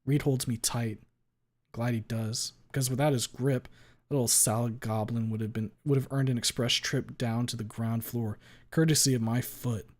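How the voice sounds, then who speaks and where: A man reading a fan story aloud on a stream, expressive, with small stumbles. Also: medium pitch, moderate pace.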